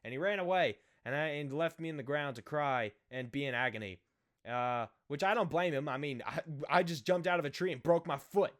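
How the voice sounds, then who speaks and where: Young guy vlogging a story, kinda high voice, animated, pokes fun at himself. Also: fairly quick. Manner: animated, self-mocking, acts out quoted voices. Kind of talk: casual storytelling.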